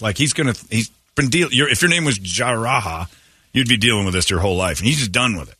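A man's voice: on the low side, animated, quick pace, sharp tone, husky, dry recording, clean studio sound. A man hosting morning radio, joking animatedly and mimicking callers in put-on voices. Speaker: radio show host.

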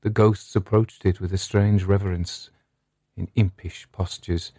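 A man narrating a Victorian horror story in a slow, dramatic, drawn-out delivery. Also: low-pitched, little pitch movement, warm tone, slightly rough, no room sound, studio quality.

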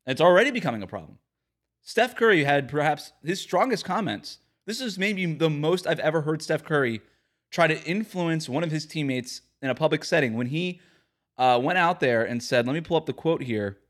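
A man's voice: on the high side, lively intonation, a little fast, fairly bright tone. A man hosting a sports podcast, delivering an emphatic, ranting opinion monologue. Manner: emphatic, ranting, mocks quotes with put-on voices. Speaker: podcast host.

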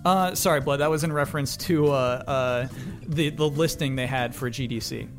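A man's voice: medium pitch, normal speed, soft background music. A man moderating a casual gaming podcast, joking and reading listener questions.

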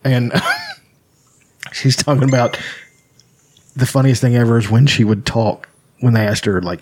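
A middle-aged man in casual chat, a profane and animated storyteller who breaks into laughter. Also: mid-range voice, normal speed, breathy edge.

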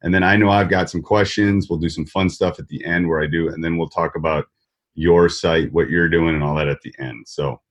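A man's voice: deep voice, steady tone, brisk. A man from Wisconsin with a Wisconsin accent, hosting a casual podcast interview and rambling with many restarts. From Wisconsin, US Midwest. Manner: rambling, restarts and repeats words. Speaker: podcast host. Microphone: desk mic.

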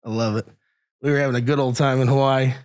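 Man, podcast guest; mid-pitched, rambling, stop-start casual talk into a studio mic. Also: steady tone, a little mellow, smooth. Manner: rambling, halting, repeats words. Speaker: podcast guest, golf caddy. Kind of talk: casual chat.

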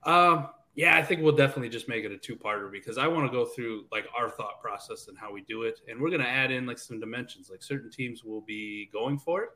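A man's voice: medium pitch, quick pace, hardly any pauses, sharp tone. A man co-hosting a casual podcast, laughing often as he runs through lists. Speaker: podcast co-host.

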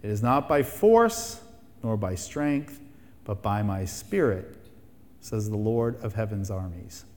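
A man's voice: fairly low pitch, lively intonation, takes it slowly, darkish tone, big-room sound. A man preaching a sermon as pastor, emphatic and fond of rhetorical questions and repeated phrases.

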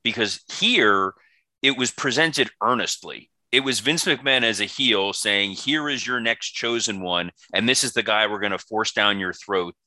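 Podcast cohost guy, lowish voice but super sharp and bright, bone dry sound, argues fast. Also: no echo. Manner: fast, confident, analytical. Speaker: podcast co-host. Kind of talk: podcast analysis.

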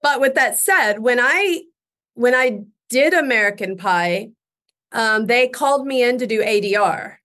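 A middle-aged woman talks as a guest in a relaxed interview, her voice sitting a little high. She tells her stories in a loose, chatty way and breaks into laughter often. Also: measured pace. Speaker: guest actress. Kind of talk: casual interview chat.

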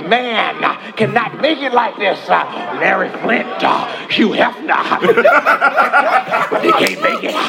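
A man voicing a fiery old preacher who hosts a pageant and shouts call-and-response lines, as a comedic impression of a film scene. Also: very high-pitched, huge pitch swings, slow, vocal fry, over a noisy crowd, heavily acted. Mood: exultant.

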